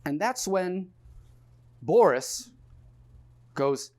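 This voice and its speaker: Animated New comedian telling a story. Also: male voice, medium pitch, moderate pace. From New York. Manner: animated, stumbling over words in excitement. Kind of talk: one-man comedy storytelling. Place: theatre stage.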